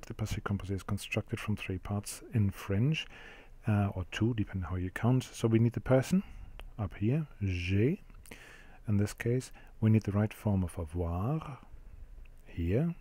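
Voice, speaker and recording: Mellow-voiced man teaching French grammar. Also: lowish voice. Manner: explanatory, steady, with frequent ums. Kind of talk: classroom-style grammar lesson.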